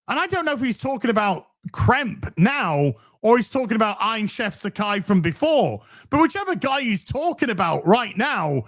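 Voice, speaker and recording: A man's voice: high-pitched, fairly bright tone. A man hosting a commentary show, ranting sarcastically and mocking the streamer he reacts to. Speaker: commentary host.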